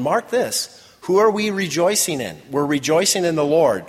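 Husky guy preaching in a church, kinda high voice, big reverb. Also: very animated, moderate pace, few pauses. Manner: preaching with rising emphasis and call-and-response. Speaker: pastor. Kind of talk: sermon. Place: church sanctuary. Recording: long reverb in a large hall.

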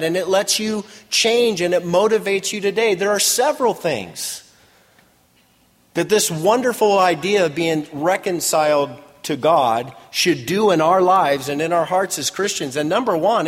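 A man preaching a sermon as pastor, with emphatic call-and-response. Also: high-pitched. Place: church sanctuary. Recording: long reverb in a large hall.

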